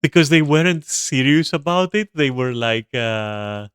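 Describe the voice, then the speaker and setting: Bright, crisp-voiced male game streamer. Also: mid-range voice, expressive, measured pace, few pauses, no room sound, studio quality. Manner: rambling, swears often, bursts into laughter. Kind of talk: casual gameplay commentary to chat.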